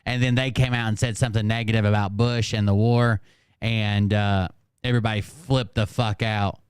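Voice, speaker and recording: Sarcastic Southern man, smooth, dry voice. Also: on the low side, level tone, moderate pace, no echo. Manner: sarcastic, profane, mocking. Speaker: host. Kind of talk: casual commentary.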